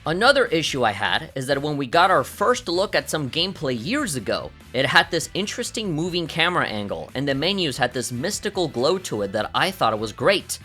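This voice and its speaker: A man's voice: a little high, very animated, brisk, hardly any pauses, bright, forceful tone, soft background music. A man in his thirties giving a scripted, opinionated and sardonic review of video games. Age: 30s. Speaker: game reviewer.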